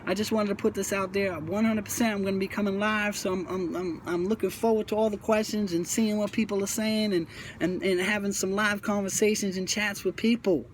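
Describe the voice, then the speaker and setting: A man's voice: high-pitched, level tone, brisk, hardly any pauses, a little hiss or hum. A man, hosting his own channel and giving earnest, repetitive advice to young viewers in a casual monologue, often stumbling and restarting. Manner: preachy, repeats himself, stumbles and restarts often. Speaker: YouTube host talking about prison life.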